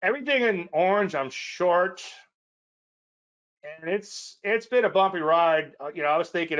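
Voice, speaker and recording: A man's voice: a little high, moderate pace, highs cut off. A man hosting a weekly trading show, chatting casually and rambling through charts with self-deprecating asides. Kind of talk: casual webinar chat.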